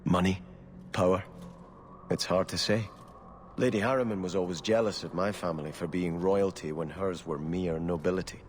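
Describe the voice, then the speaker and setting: A man's voice: deep voice, fairly even intonation, moderate pace, big-room sound, a little hiss or hum, close to an everyday voice. An actor voicing an earnest, devout young male noble in a video game. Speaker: exiled noble.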